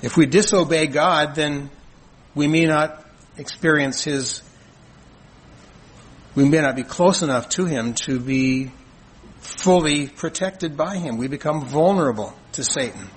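Male pastor, husky and slightly high voice, earnest measured sermon delivery. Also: low-quality recording. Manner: earnest, measured preaching with rhetorical questions.

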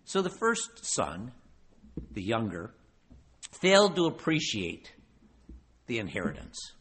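Husky, animated man preaching. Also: lowish voice. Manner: rhetorical questions, slows down for emphasis. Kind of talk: sermon.

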